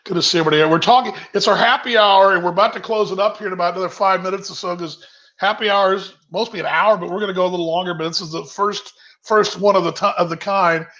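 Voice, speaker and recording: This man's voice is high, pushed, and bright, holding a steady tone while he talks fast. He's hosting a laid-back virtual happy hour in his home kitchen, chatting aimlessly and reading viewer comments out loud, all captured in dull lo-fi call audio.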